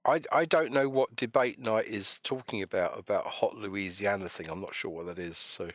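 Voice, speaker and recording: A man's voice: on the low side, moderate pace, dry recording. A man hosting a live stream, chatting casually and joking while reading out viewer comments. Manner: jokey, rambling, reads chat comments aloud. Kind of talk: casual chat on a voice call.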